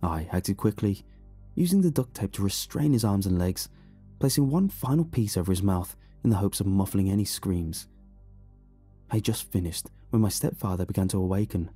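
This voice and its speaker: A man reading a horror story aloud in a slow, hushed, brooding way. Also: low voice, expressive, breathy edge, faint music behind. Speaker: narrator. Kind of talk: scripted horror narration.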